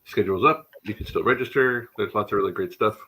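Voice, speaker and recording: This show host, a man running a laid-back tech livestream, has a slightly low voice that's bright and forward with some huskiness. His talk is fast and eager, prone to meandering tangents, all captured on poor-quality audio.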